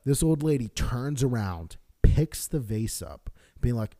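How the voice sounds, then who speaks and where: A man's voice: medium pitch, unhurried. A man co-hosting a casual podcast, telling a story with lots of swearing and acted-out voices. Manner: animated storyteller, swears a lot, acts out yelling characters. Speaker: podcast co-host. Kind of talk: casual chat.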